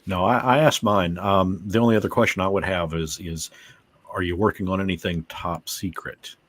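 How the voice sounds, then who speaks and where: A man's voice: deep voice, steady tone, normal speed. A man on a livestream panel asking playful, teasing questions over a call.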